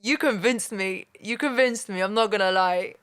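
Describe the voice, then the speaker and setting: A woman hosts a casual interview. Her voice is smooth and clear at a middle pitch, and she chats easily and pays her guest compliments. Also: moderate pace, fairly bright tone. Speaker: interview host.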